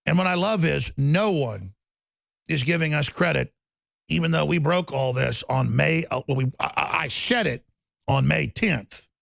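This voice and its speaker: A man hosting a political talk show, ranting rapidly and heatedly with stammering restarts. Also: a little high, gravelly, fairly bright tone, dry recording.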